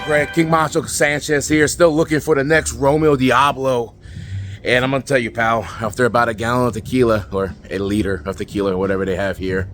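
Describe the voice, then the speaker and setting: A man cutting a brash, rambling comedic wrestling promo, full of fillers and sudden yells. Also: lowish voice, a little hiss or hum.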